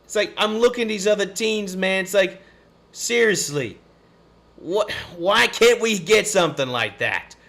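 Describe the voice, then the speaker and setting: A man in his thirties with a drawl and a slightly high voice. He rambles through a frustrated rant on a live stream, sighing and restarting often, with a curse slipping out now and then. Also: expressive, measured pace, fairly bright tone. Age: 30s. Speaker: podcast host.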